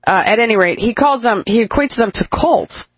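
A woman co-hosting a radio talk show, rambling and halting with many fillers. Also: on the high side, expressive, husky, no echo. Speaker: radio co-host. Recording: muffled lo-fi radio sound.

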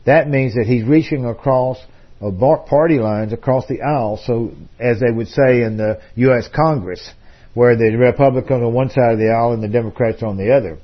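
A man's voice: medium pitch, normal speed, highs cut off. A man hosting a talk radio program, telling a long story in a discursive way with frequent fillers and restarts. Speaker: radio host.

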